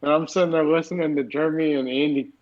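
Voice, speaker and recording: A man's voice: a little high, steady tone, fast talker. A young man co-hosting a podcast, telling crude, laid-back stories in casual chat. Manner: profane, laid-back storyteller. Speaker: podcast co-host. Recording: dull lo-fi mic.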